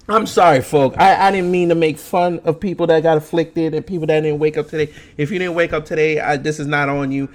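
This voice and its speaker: A man co-hosting a podcast, ranting loudly in heated, profane, mocking commentary. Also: on the high side, fairly even intonation, a little fast, few pauses. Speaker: podcast co-host.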